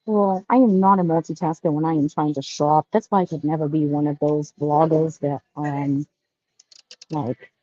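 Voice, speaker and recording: Woman vlogger, folksy and rambling, low voice, dry close audio. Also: fairly even intonation, normal speed, dark tone, no echo, muffled recording. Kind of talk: casual shopping vlog. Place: store.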